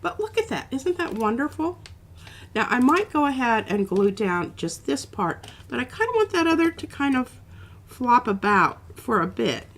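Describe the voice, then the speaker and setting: A woman's voice: fairly high pitch, big pitch swings, normal speed, a bit bright. A woman hosting a casual craft demo, chatty and rambling, with an occasional cough. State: coughing now and then. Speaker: art stream host.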